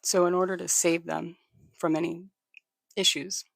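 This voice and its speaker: Casually telling a history story on a livestream and thanking viewers, the host speaks in a strongly gravelly, fry-heavy voice at mid pitch, slightly bright and flat in delivery. He halts often, restarting and repeating words, and the sound is dry and close with no room echo.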